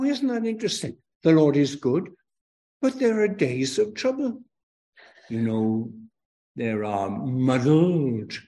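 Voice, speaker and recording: A man's voice: medium pitch, darkish tone. An older man from Wales with a Welsh accent, preaching a children's sermon with emphatic call and response.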